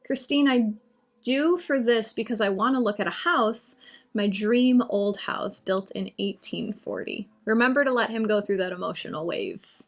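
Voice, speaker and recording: A woman's voice: mid-range voice, normal speed. A woman on a live stream talking about astrology and answering viewer comments in a chatty, reassuring way. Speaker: astrology and oracle reader.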